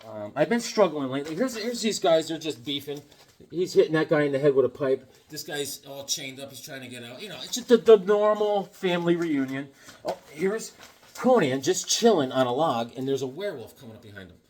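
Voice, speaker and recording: A man's voice: a little high, animated, brisk, a little mellow. A man chatting casually about comics, rambling and joking, drifting between topics. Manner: rambling, jokey, drifts between topics and puts on silly voices. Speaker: comic vlogger.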